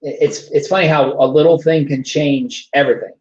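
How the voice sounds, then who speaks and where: A man's voice: on the high side, steady tone, brisk, darkish tone. Man on an echoey, muffled call. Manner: earnest, emphatic explainer. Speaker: real estate trainer, guest. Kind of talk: casual chat. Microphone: video call. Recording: echoey, dull video call audio.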